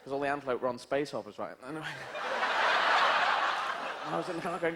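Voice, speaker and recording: A man's voice: fairly high pitch, quick pace, long pauses. A man doing a surreal stand-up routine, rambling through absurd asides with lots of "you know". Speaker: stand-up comedian. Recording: noisy old TV broadcast, live audience.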